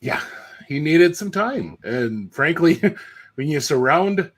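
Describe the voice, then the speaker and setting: A man's voice: a little high, very animated, takes it slowly. A man co-hosting a sports podcast, talkative in casual analysis, often hedging and restarting his sentences. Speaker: podcast co-host.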